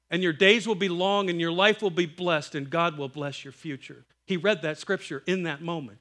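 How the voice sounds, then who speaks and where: A man's voice: fairly high pitch, moderate pace, hardly any pauses. A middle-aged man preaching a sermon, telling family stories and acting out the voices in them. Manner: animated, acts out quoted voices, breaks into laughter. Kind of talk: sermon storytelling.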